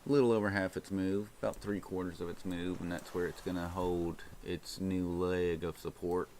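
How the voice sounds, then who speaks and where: A man with a very low voice hosts a casual livestream. He chats loosely over market charts and thinks aloud. His speech is rambling and full of restarts. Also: little pitch movement, normal speed, darkish tone, a little hiss or hum. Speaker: livestream host. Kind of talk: casual live-stream chat over stock charts.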